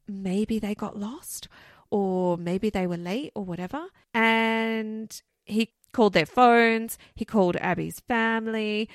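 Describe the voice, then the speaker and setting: A woman's voice: medium pitch, no echo, clean studio sound. A woman co-hosting a podcast, telling a case in a chatty, loose way full of asides. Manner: chatty, loose, many "you know" and "like" asides. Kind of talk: casual storytelling chat.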